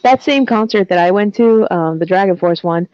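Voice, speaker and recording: An excited, giggly storyteller chatting on a call. The sound is dull and dry. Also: medium pitch, normal speed, clear, resonant tone, no echo. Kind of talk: casual storytelling chat.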